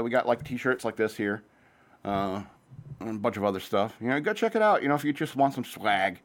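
Low-voiced man rambling casually as host. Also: a bit bright. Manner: rambling, profane, jumps between topics; says he talks fast. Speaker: podcast host.

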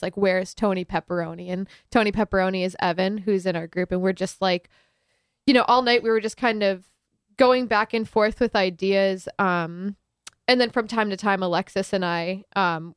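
A young woman chats about making a film, piling on fillers as she talks. Her voice is smooth and resonant. The recording is dry, with no room sound. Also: lowish voice, no echo. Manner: chatty, many filler likes, animated retelling. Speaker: student filmmaker guest. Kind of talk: casual interview chat.

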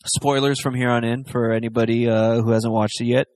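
Man, casual podcast talk, halting, restarts a lot, mid pitch. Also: flat delivery, a little mellow, no echo. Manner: halting, many restarts and fillers. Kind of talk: casual chat.

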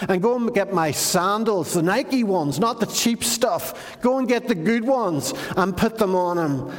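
A man voicing an overjoyed, loving older father who talks in a gruff, teasing way. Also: high-pitched, animated, a little slow, voice pushed up. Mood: bossy. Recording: long reverb of a large hall.

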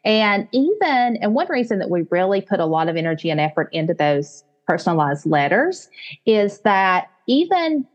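A woman's voice: medium pitch, normal speed, muffled recording. A woman in her late forties with a Southern US accent, telling her story as a podcast guest. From American South. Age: 40s. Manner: warm storytelling, animated, quotes her own thoughts. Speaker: guest, business founder. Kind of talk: podcast interview.

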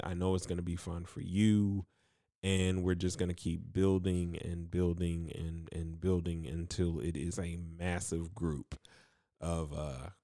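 A deep, dark-toned man hosts a casual solo podcast, chatting upbeat and chummy with plenty of ums and self-mocking asides. The sound is close and dry, with no room around it. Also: no echo. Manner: rambling, filler-heavy, self-mocking asides; upbeat, chummy, addresses listeners as man and guys. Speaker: podcast host.

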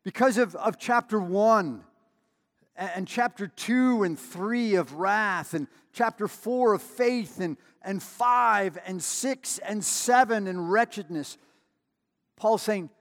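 A man's voice: high-pitched, slow, big-room sound. A man preaching a sermon in a conversational way, with emphatic repetition and storytelling asides. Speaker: pastor.

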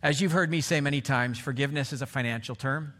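A middle-aged man preaching a sermon in a relaxed, conversational way, often checking in with his listeners. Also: medium pitch, fast. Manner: conversational, asks the audience "right?". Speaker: pastor.

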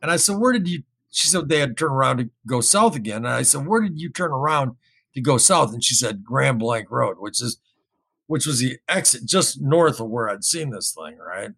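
A man telling a story in casual speech, rambling and repeating himself, getting animated when he quotes other people. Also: medium pitch, moderate pace, gravelly, breathy edge. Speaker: guest recounting an experience.

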